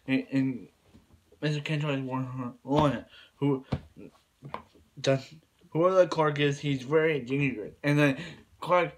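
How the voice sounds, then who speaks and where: A man's voice: medium pitch, fairly even intonation, measured pace, long pauses, a little hiss or hum. A man casually recapping a TV episode, rambling with many restarts and "he's like" retellings. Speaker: TV episode reviewer.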